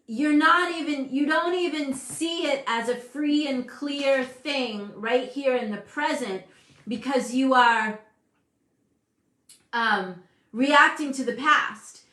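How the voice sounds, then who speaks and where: Bright-voiced woman in her fifties. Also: sits high, takes it slowly. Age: 50s. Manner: animated, emphatic, self-interrupting. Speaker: host. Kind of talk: casual motivational talk. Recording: echoey room.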